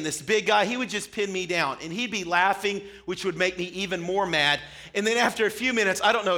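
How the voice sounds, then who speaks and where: A young man preaching a sermon to a church congregation, telling stories with animation. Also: high-pitched. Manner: animated storytelling, acts out his childhood self. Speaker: pastor. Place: church sanctuary.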